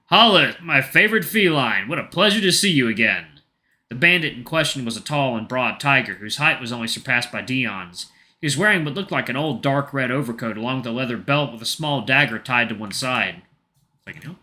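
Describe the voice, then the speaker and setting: Bright, lively male storyteller. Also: mid-range voice, fairly quick. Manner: casual, self-correcting, with asides. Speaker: narrator and uploader. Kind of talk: reading a story aloud for a video.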